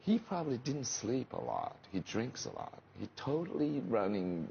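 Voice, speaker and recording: A middle-aged man with a Chinese accent, a stage actor chatting in an interview, animated and jumping up in pitch when he quotes people. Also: normal speed, vocal fry, dull audio, slight background noise. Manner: animated, pitch jumps when quoting others. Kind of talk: casual interview chat.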